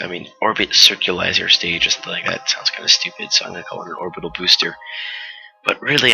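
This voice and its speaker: Rambling teenage boy, bright voice. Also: lowish voice, rough recording. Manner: rambling, filler-heavy, self-aware about going off topic. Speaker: let's-play commentator. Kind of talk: casual gameplay commentary voice-over.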